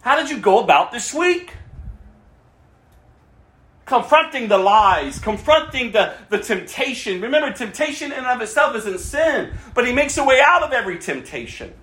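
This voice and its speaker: Animated preaching man in an echoey room. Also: very high-pitched, normal speed. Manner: emphatic preaching, rhetorical questions, shifts between loud and hushed. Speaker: pastor. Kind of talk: sermon.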